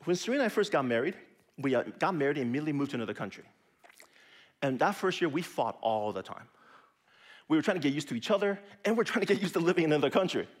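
Lively conversational male preacher. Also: fairly high pitch, racing. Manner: lively, conversational preaching with sudden soft drops. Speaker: pastor. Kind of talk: sermon.

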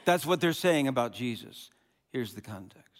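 A man preaching a sermon as pastor, animated and conversational, often restarting and repeating words. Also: medium pitch, moderate pace. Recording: long hall reverb.

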